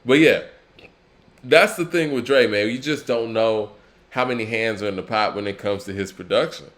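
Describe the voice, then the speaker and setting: Laid-back low-voiced man talking hip hop. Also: moderate pace, a bit bright. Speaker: podcast co-host. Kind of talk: casual hip hop discussion.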